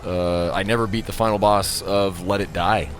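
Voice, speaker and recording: A man live-streaming a video game, thanking subscribers, joking, and bursting out loudly at the action. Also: sits low, steady tone, moderate pace, faint music behind. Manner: loud sudden outbursts while playing.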